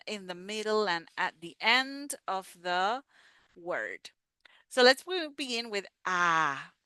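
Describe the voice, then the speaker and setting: A woman's voice: mid-range voice, pushed and bright, clear, resonant tone, dry recording, clean studio sound. A woman teaching pronunciation, patiently saying each sound and word several times so learners can repeat. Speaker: language teacher. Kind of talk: slow pronunciation lesson.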